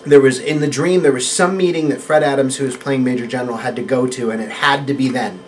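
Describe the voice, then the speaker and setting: A man's voice: mid-range voice, quick pace, slight background noise. A man telling a long story in casual chat, acting out the voices of the people in it. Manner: lively, acts out quoted voices. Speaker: guest actor telling a story.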